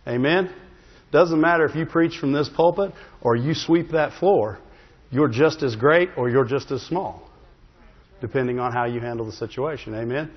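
A man's voice: medium pitch, normal speed, breathy edge. A man preaching a sermon in a church, telling a Bible story with humor and checking in with the congregation by asking "Amen?" again and again. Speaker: pastor. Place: church sanctuary. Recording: long hall reverb, dull sound.

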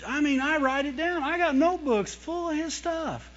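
A man preaching a lively sermon, mimicking whining voices and laughing often as he talks. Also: very high-pitched, moderate pace, big-room sound. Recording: dull lo-fi sound.

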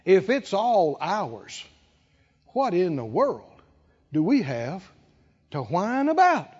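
Brief: emphatic male preacher, high and lively pitch, long hall echo, dull lo-fi sound. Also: takes it slowly, husky. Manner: emphatic, dramatic repetition building in intensity. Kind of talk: sermon.

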